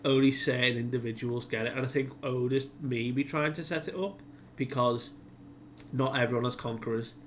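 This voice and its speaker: A man's voice: medium pitch, fairly even intonation, moderate pace, a little hiss or hum. A man hosting a casual comic chapter recap, chatty and full of fillers, who acts out the characters' lines. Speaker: manga discussion video host.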